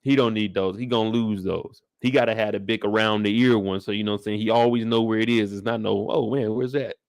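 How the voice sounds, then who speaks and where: A man's voice: lowish voice, steady tone, fast talker, clear, resonant tone, dry recording, clean studio sound. A young man hosting a casual live after-show discussion. He talks in slang, jokes around, and speaks straight to the show's characters. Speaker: TV recap host.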